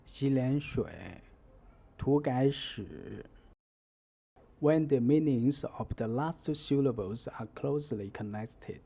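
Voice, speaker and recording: A man gives a language lesson at a very slow, careful pace. His voice is dark and a little husky. He lays out each rule step by step and models words for repetition. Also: mid-range voice. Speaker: Chinese language teacher. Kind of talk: slow instructional explanation.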